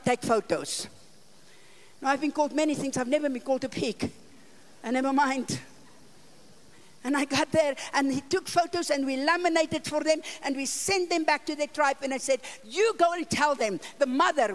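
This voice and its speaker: An older woman with a South African accent tells a long mission story from the pulpit. Her voice sits high, and she acts out each line of dialogue, jumping between near-whispers and shouts. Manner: animated storyteller, acting out dialogue with sudden loud and soft turns. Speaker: evangelist preacher. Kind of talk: storytelling sermon. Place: church conference hall.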